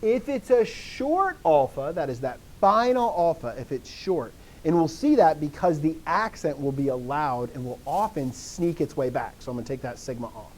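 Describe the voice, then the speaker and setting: In this classroom lesson, a fairly high-voiced man speaks at a moderate pace with lively inflection and barely a pause. His tone is slightly mellow over a light hiss or hum, and he enthusiastically fires off questions to his language students, then answers them himself, breaking into his own sentences.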